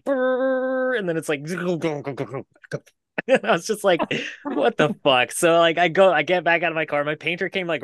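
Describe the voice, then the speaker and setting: A man's voice: medium pitch, pushed and bright, no room sound, clean studio sound. A man, co-hosting a podcast and telling a long casual story to friends, swearing freely and laughing as he goes. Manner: rambling with many "like" fillers. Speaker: podcast co-host.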